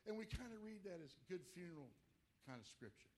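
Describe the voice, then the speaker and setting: Male preacher, slightly higher voice, lively, swings quiet to loud. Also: moderate pace, long pauses, slight background noise. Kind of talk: sermon.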